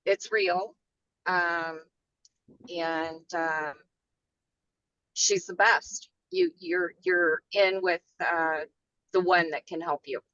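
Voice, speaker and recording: A woman's voice: fairly low pitch, steady tone, extremely slow, long pauses, a bit bright, no room sound, lo-fi sound. An older woman on a video call, sharing her experience hesitantly and searching for her words. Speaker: workshop participant.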